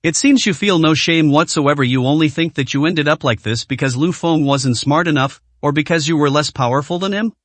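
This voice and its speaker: A man voicing a calm young man who mocks his rival in a read-aloud story. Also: fairly high pitch, a little fast, hardly any pauses, no echo. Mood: mocking. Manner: calm, mocking. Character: calm, mocking young man of hidden power.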